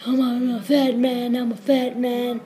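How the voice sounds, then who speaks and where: A high-pitched woman with a mellow, rounded tone, hamming through an improvised comic skit. She rambles in quick, silly bursts and breaks into squealed whoops of celebration. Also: little pitch movement, slight background noise. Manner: hyper, silly, rapid rambling with squealed cheers. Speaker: comedy video maker.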